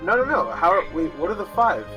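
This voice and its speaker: A man's voice: high voice, very animated, fairly quick, over music. A man playing a tabletop game, joking around and working through details aloud. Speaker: player. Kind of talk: casual tabletop game play.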